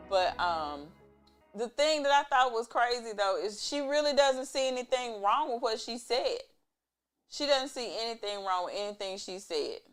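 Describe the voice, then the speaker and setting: A woman hosting a casual show recap, chatty and exasperated as she retells scenes, talking on a webcam. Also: fairly low pitch. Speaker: show recap host, intimacy coach.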